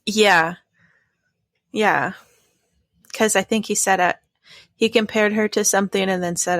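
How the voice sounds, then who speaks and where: A woman co-hosting a podcast, chatting casually about a film, relaxed and laughing often, reading a synopsis aloud at times. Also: medium pitch, unhurried, pauses often, no echo, studio quality. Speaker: podcast co-host.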